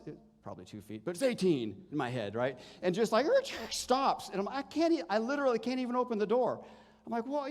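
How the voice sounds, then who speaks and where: Male pastor, fairly high voice, casual preaching that turns animated in stories, long church-hall reverb. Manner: casual, often checks in with the congregation; animated when telling stories. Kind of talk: conversational sermon. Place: church sanctuary.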